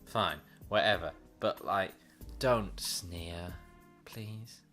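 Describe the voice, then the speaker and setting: A man in his late twenties with a Northern English accent rants to his camera, exasperated and sarcastic, with plenty of swearing. His voice has a bright, forceful edge. Faint music plays quietly behind him. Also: sits low, extremely slow. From Northern England. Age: late 20s. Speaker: vlogger. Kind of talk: ranting vlog monologue.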